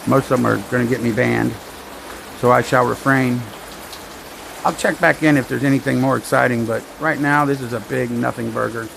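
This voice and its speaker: A man's voice: mid-range voice, steady tone, moderate pace, gravelly, noisy background. A man telling rambling jokes with dry asides on a casual livestream while he watches a storm.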